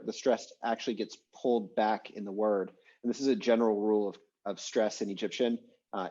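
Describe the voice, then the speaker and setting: A man with a fairly low voice leads an online class and talks through the material casually, with plenty of "um"s and "uh"s. His voice comes through a dull, lo-fi video-call microphone. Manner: relaxed, chatty explaining with many fillers. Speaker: online language teacher.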